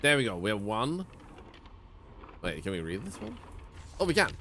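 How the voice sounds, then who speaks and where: A man's voice: on the low side, sing-song, moderate pace, pushed and bright, slight background noise. A man streaming a game live, chatting casually and answering viewers' comments as he plays. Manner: chatty, answering viewers' chat while playing.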